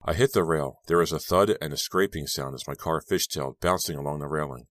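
A man reading a teen horror audiobook aloud in steady, dramatic first-person narration. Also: rumbling low, brisk, no room sound, studio quality. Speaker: audiobook reader.

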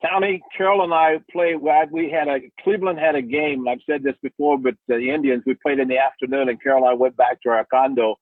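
A man's voice: medium pitch, fairly even intonation, quick pace, few pauses, dry recording. An older man telling rambling stories on a radio sports show, with many restarts. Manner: rambling, warm storytelling with restarts. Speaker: radio analyst and former player. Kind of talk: casual radio chat. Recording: dry, phone-like radio line.

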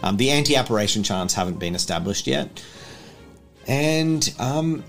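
Male game master, lively voice, relaxed rambling narration, soft music behind. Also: medium pitch, measured pace, creaky. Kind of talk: narrating a tabletop role-playing game.

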